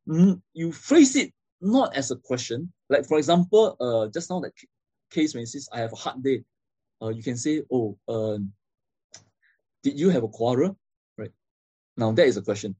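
Man lecturing, mellow husky voice, dry close sound, keeps checking in with the class. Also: mid-range voice, no room sound. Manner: explanatory, frequent "okay?" and "right?" check-ins.

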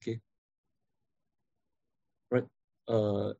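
A man's voice: on the low side, steady tone, measured pace, creaky, long pauses, warm tone, no room sound, dull audio. A man giving a classroom lecture, explaining step by step and often checking in with "okay?" and "right?".

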